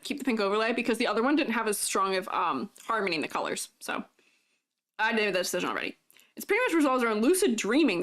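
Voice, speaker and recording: A woman's voice: a little high, a bit bright. A woman livestreaming as a 3D artist, chatting casually and giggling often while reading messages from her viewers. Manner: giggly, chatty, reads chat aloud; talks while eating. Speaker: streamer and 3D artist.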